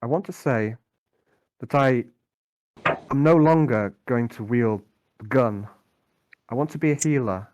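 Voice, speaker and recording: A man's voice: mid-range voice, a little slow, pauses often, a little mellow, slight background noise, lightly acted. A man doing a hesitant earnest young sister. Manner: hesitant, stammering. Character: earnest young woman, a sister turning healer.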